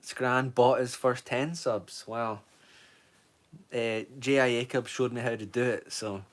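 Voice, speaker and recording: A young Scottish man talks loosely on a livestream, answering his chat with a rambling, easygoing flow. His voice sits at an ordinary middle pitch for a man. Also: fairly even intonation, unhurried. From Scotland. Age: 20s. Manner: rambling, reads out viewer comments and answers them. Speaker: streamer.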